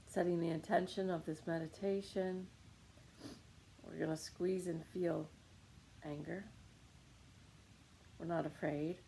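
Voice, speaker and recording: A woman's voice: lowish voice, fairly even intonation, slow pace, gravelly, long pauses, warm tone, slight background noise, low-quality recording. A woman leading a guided meditation on anger, coaching listeners with short repeated commands.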